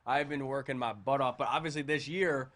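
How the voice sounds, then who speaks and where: A young man co-hosting a casual sports chat, excitable and laughing, with lots of dude. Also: mid-range voice, brisk. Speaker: podcast co-host.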